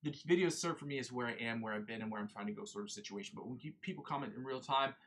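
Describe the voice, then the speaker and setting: A man's voice: mid-range voice, racing. A young man hosting a guitar livestream, chatting in a rambling, self-correcting way. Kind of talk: casual livestream chat.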